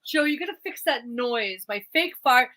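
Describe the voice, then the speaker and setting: Bright-voiced woman chatting animatedly. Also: a little high, normal speed. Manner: animated, laughs often, tells stories. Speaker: co-host. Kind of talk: casual live chat.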